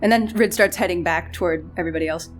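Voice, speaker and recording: A woman voicing her character in a tabletop game, with a wry, teasing delivery. Her voice sits low for a woman, with soft music behind. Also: fast talker. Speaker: player.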